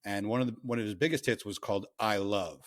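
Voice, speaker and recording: A man hosting a casual podcast chat, animated and laughing often, often trailing off and restarting. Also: lowish voice, fast. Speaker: podcast host and songwriter.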